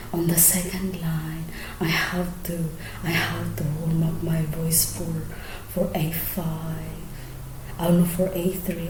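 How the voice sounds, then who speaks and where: A woman explaining her singing technique in a soft, often half-whispered, hesitant way with many fillers. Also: sits low, a little hiss or hum. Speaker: singing teacher. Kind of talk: casual singing tutorial. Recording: roomy echo.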